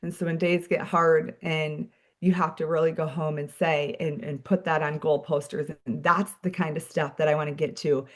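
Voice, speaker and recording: Chatty, energetic woman giving a pep talk. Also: low voice, normal speed. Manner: energetic, chatty, heavy use of "like" and "friends". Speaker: sales director leading a team meeting. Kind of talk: motivational team talk.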